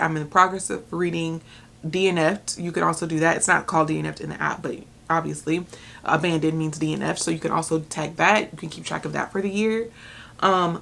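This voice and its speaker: A woman in her thirties vlogging about books at home in a chatty, excitable way, full of filler words. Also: on the low side, vocal fry. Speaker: book vlogger. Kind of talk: casual chat.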